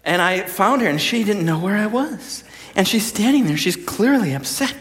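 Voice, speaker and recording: With a high voice at a moderate pace, this young pastor delivers his sermon in a reverberant hall that gives a long echo. He cracks jokes and tells stories with real animation, performing each quoted line.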